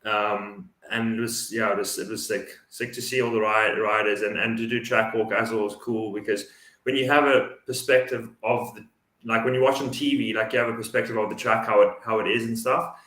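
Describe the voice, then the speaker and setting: A Dutch-native man chatting in English, excited and quick to restart his phrases. His voice is fairly low and carries a roomy echo. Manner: enthusiastic, repeats words while thinking. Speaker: co-host. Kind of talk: casual chat. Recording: echoey room sound.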